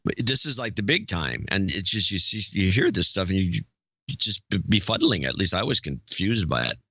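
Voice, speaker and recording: Opinionated man with a bright, dry voice. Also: deep voice, big pitch swings, brisk, no room sound. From lives in the Oakland area. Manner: opinionated, rambling, emphatic. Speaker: podcast co-host. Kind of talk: casual podcast banter.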